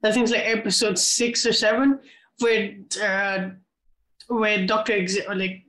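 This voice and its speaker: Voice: medium pitch, fairly even intonation, fairly bright tone. A podcast co-host chatting eagerly and casually, swearing and laughing easily. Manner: enthusiastic, sweary, quick to laugh. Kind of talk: casual chat. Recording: roomy echo.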